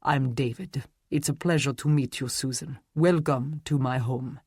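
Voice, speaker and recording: A man's voice: medium pitch, measured pace, darkish tone, breathy edge, no room sound, clean studio sound. A male narrator voicing a powerful elder immortal, speaking earnestly and with welcome.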